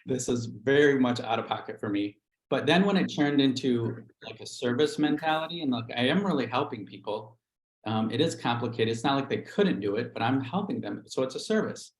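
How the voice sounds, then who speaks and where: A middle-aged real estate agent talks candidly about how he built his business. His voice sits at an ordinary pitch, and he slips into quick acted-out quotes. The sound carries an echoey room around him. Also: animated. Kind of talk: livestream interview storytelling.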